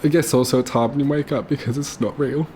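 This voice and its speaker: A young man telling his late mother's story to camera, tearful and halting, with his voice breaking. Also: mid-range voice, fairly even intonation, darkish tone, slight background noise. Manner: halting, full of fillers and restarts.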